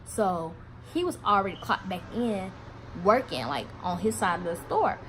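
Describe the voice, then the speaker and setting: Animated young woman telling a storytime. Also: normal speed, a little hiss or hum. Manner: animated, swearing, acts out quotes in a louder higher voice. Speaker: vlogger. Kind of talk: casual storytime.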